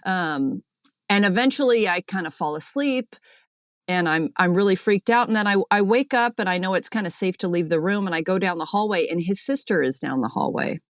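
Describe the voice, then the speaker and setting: A woman calling in from a boat, telling her dream in a chatty, animated way with lots of fillers, acting out what people said. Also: on the low side, brisk, no echo, clean studio sound. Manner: chatty, animated storyteller, many fillers, acts out quotes. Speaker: caller. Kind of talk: recounting a dream on a call-in show.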